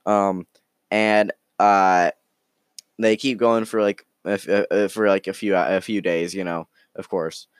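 Rambling, smooth-voiced male storyteller. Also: low voice, fairly even intonation, dry recording, clean studio sound. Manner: rambling, halting, full of restarts. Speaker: storyteller, podcast host. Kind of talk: casual improvised storytelling.

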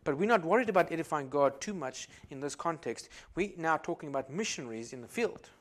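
A high-pitched man from Africa preaching from the pulpit. He rises into loud, fervent exhortation, then drops to quiet, chatty asides. Amens and hallelujahs run through everything he says. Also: lively intonation, fairly quick. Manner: swings between loud exhortation and quiet asides, peppered with amen and glory to God. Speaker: pastor. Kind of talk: sermon.

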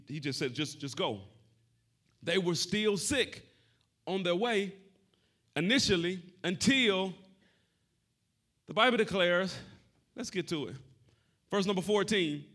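Shouting high-voiced preacher. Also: male voice. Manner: shouting, call-and-response preaching with swings from loud to soft. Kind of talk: sermon. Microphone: wearing a mic.

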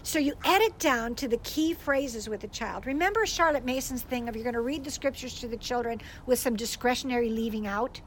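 An older woman and grandmother giving a casual teaching talk about praying with children, telling stories in an animated way and laughing often. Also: fairly high pitch, brisk, few pauses, slight background noise, low-quality recording. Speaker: Christian speaker.

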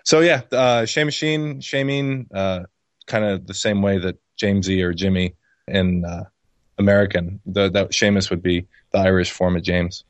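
Podcast guest guy, lowish voice, thinks out loud, dry close sound. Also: steady tone, normal speed, no room sound, muffled recording. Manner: thoughtful, hesitant with fillers. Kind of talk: podcast interview.

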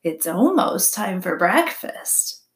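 Woman doing a gruff hungry fox. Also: medium pitch, big pitch swings, takes it slowly, echoey room. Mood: sly. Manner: gruff and sly. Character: hungry, sly male fox.

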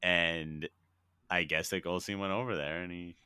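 A man's voice: deep voice, fairly even intonation, normal speed, pushed and bright, smooth, no room sound. A young man co-hosting a casual movie podcast, laid-back and profane, laughing as he retells scenes. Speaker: podcast co-host. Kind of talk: casual movie-review chat.

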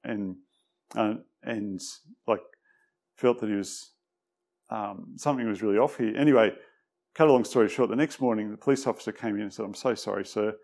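A man giving a conversational sermon with many pauses and fillers, sometimes dropping quiet. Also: fairly low pitch. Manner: relaxed, hesitant, many fillers; tends to drop quiet. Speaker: preacher. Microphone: microphone.

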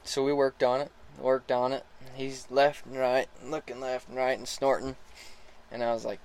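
A relaxed man spins a casual story about working a young horse. His voice sits at an ordinary middle pitch, and he chuckles now and then and trips over his own sentences. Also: normal speed, a little hiss or hum, rough recording. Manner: relaxed, laughs often, restarts sentences. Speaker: horse rider starting a young colt.

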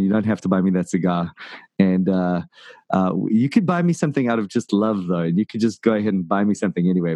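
A man's voice: deep voice, darkish tone, no room sound. A man hosting a casual podcast chat, rambling and jokey, full of ums and restarts. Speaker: podcast host.

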